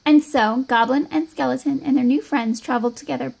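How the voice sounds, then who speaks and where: Woman reader, high voice, lively read-aloud for kids. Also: fairly quick, creaky, hardly any pauses, poor audio. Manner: expressive, lively storytelling. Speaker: storybook reader.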